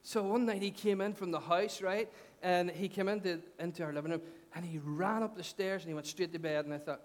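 A middle-aged man with a Northern Irish accent preaching a sermon as a pastor, earnest and conversational, pushing up on key points and dropping low for asides. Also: fairly even intonation, a little fast. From Northern Ireland. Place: church hall.

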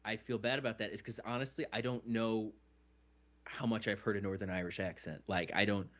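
A man with a somewhat low voice talks through a casual podcast conversation. He rambles, circles back and restarts his thoughts as he goes. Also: fairly even intonation, fairly quick, fairly bright tone. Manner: rambling, self-correcting, chatty. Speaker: podcast co-host. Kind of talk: casual chat.

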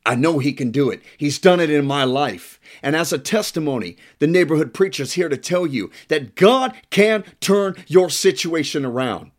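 Male preacher, sermon, animated pitch, slightly high voice, emphatic and playful. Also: normal speed, few pauses.

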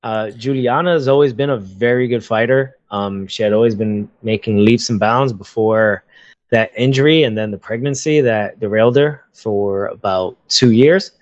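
A man co-hosting a podcast, talking casually and haltingly with many pauses and ums. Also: fairly low pitch, highs cut off. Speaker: podcast co-host.

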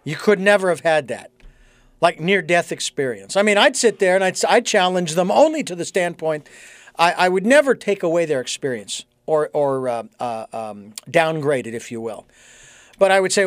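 A man hosting a casual talk show, animated, acting out both sides of arguments and quoting scripture. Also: high voice, normal speed, dry recording. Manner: animated, quotes scripture, acts out dialogue. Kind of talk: casual conversation.

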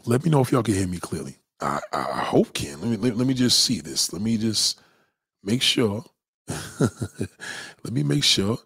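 A man's voice: lowish voice, big pitch swings, moderate pace, fairly bright tone, husky, dry recording, clean studio sound. A man hosting a livestream, giving a crude, profane rant in a blunt, lecturing way and reading out messages from his chat. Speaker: livestream host.

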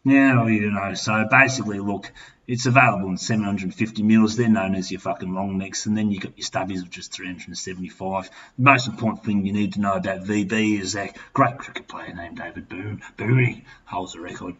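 Tipsy swearing Australian man, lowish voice. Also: steady tone, brisk, fairly bright tone. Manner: crude, rambling, heavy swearing. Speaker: podcast host. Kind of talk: boozy comic rant. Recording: slightly dull with faint noise.

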